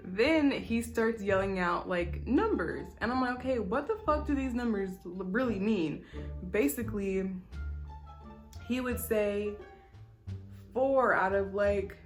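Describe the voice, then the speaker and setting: A young woman tells a storytime vlog in a loose, animated way, full of swearing and quick asides. Her voice sits at a middling pitch, and soft music plays faintly underneath. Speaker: vlogger. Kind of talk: casual storytime.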